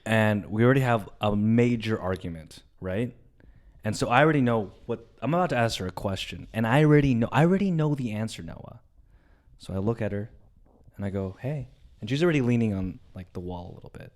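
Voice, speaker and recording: A young man co-hosting a comedy podcast, telling a personal story in a loud, animated way, swearing freely and dropping to a hush for the tender parts. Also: on the low side, a little fast. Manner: animated, swears a lot, swings from loud to hushed. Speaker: podcast co-host.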